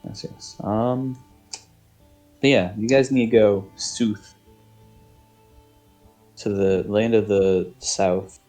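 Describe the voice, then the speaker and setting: A man's voice: lowish voice, fairly even intonation, slow, pauses often, darkish tone, soft background music. A man narrating as game master, rambling and hesitant with many fillers. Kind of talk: narrating a tabletop game over voice chat.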